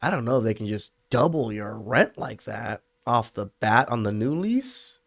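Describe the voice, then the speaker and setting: A man's voice: mid-range voice, lively intonation, normal speed, vocal fry, dry recording, studio quality. A male podcast host reacting to clips with sarcastic interjections. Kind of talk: reaction commentary.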